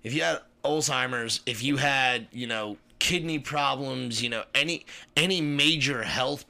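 Podcast co-host, male, very bright tone, rambling and profane. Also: medium pitch, unhurried, vocal fry. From German heritage. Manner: rambling, profane, laughs at own jokes. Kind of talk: casual chat.

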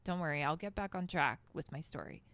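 A woman with a low, slightly bright voice hosts a podcast, speaking fairly quickly as she tells a story in a blunt, casual, profane manner. She laughs through asides into a handheld microphone held close.

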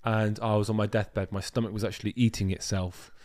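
A man's voice: on the low side, fairly quick. A young man co-hosting a podcast, telling travel stories in casual chat and swearing freely. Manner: swears a lot, animated storytelling. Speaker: podcast co-host.

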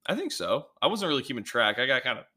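A man's voice: medium pitch, big pitch swings, quick pace, pushed and bright, breathy edge. A man co-hosting a casual podcast, chiming in easily and laughing along. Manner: easygoing, laughs along and chimes in. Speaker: podcast co-host. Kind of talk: casual chat.

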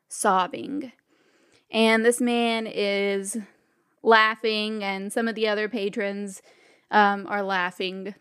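A woman's voice: mid-range voice, clean tone. A woman narrating a tabletop western game as game master, describing scenes with frequent fillers.

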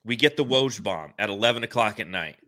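A young man co-hosting a late-night live sports podcast, excited and dramatic, repeating words when he rushes. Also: lowish voice. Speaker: podcast co-host.

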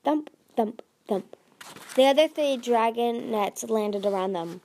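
A woman's voice: fairly high pitch, animated, measured pace, a little mellow, a little hiss or hum. A woman reading a dragon fantasy novel aloud as an amateur narrator, with frequent slips and restarts.

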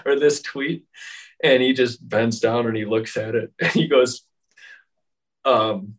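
A man's voice: mid-range voice, steady tone, slow pace, long pauses, poor audio. A man telling a story in casual chat, rambling with many fillers and frequent laughs.

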